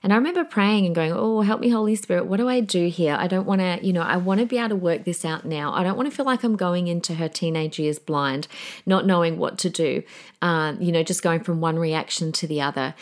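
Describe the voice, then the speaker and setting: Candid, chatty woman podcaster, low-pitched. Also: brisk. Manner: chatty, candid, with fillers and laughs; acts out her own past thoughts in quoted asides. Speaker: podcast host. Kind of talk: casual solo podcast talk.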